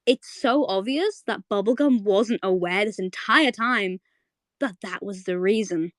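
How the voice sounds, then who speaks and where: A woman's voice: medium pitch, unhurried, fairly bright tone, no room sound, clean studio sound. A young woman hosting a casual live audio chat, gushing and emotional, swearing freely as she rambles.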